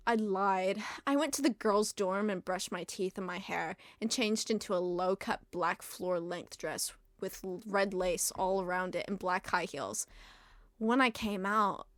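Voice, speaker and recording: A woman's voice: mid-range voice, no echo, studio quality. A young woman giving a comedic dramatic reading of fan fiction, giggling and adding self-deprecating asides. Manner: giggly, often breaking into laughter. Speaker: reader.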